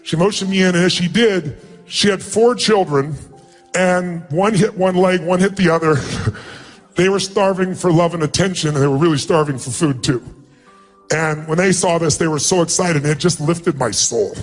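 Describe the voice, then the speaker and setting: Earnest guy on stage telling a personal story, kinda high voice, soft music underneath. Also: moderate pace. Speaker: motivational speaker.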